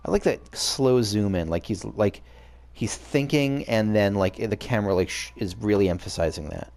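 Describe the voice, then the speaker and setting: A man's voice: lowish voice, moderate pace, darkish tone. A man giving casual, rambling, joking commentary while playing a video game. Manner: rambling, joking, many fillers. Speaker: let's play host.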